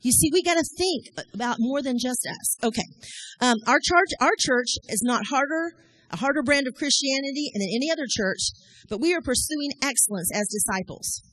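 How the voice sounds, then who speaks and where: A woman's voice: high-pitched, moderate pace, fairly bright tone, no echo. A middle-aged woman, giving a sermon in a folksy, storytelling way. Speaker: church speaker.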